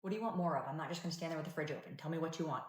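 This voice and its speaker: A woman talking calmly and patiently as a parent, mixing dry humor into everyday parenting skits and advice. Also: low-pitched, racing. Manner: calm, patient, dryly wry. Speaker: parent content creator.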